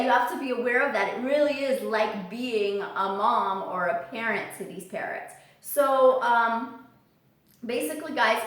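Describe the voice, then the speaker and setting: A woman giving casual parrot-care tips in a vlog, chatty and animated, now and then squealing high to mimic her birds. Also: distant mic. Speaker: parrot vlogger. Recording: roomy echo, voice from off the mic.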